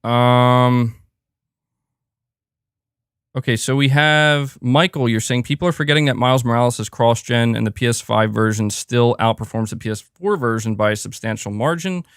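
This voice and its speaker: A man hosting a live reaction stream. He reads out viewer messages and talks in quick restarts. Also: medium pitch, fairly bright tone, clean tone, dry recording, studio quality. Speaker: livestream host.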